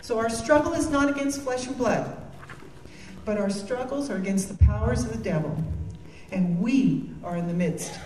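A woman's voice: fairly high pitch, moderate pace, warm tone. A woman giving a devotional talk, earnest and heartfelt, with joking asides. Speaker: Christian speaker. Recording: echoey room from a distance.

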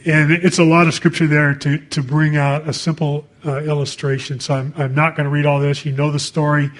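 A man's voice: a little high, little pitch movement, fairly quick. A man preaching a sermon in a conversational way, reading scripture and adding casual asides.

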